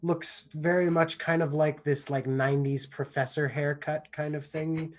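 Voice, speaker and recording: A man narrating a tabletop game as game master, painting scenes slowly with restarts and filler words. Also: on the high side, level tone. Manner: slow, descriptive narration with frequent restarts and softening fillers.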